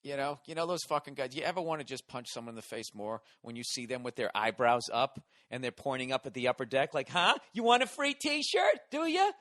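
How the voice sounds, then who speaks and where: A hoarse man hosting a podcast, delivering a profane, exasperated comedic rant. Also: mid-range voice, quick pace, few pauses, a bit bright, no room sound, clean studio sound. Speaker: podcast host.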